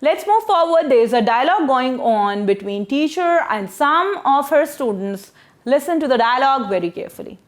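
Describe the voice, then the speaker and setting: A woman teaching a recorded textbook lesson, explaining step by step and slowly sounding out words syllable by syllable. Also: high-pitched, very animated.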